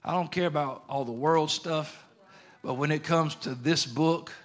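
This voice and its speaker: A man's voice: on the high side, measured pace. Earnest preacher man. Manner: earnest, conversational preaching with colloquial grammar. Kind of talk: sermon.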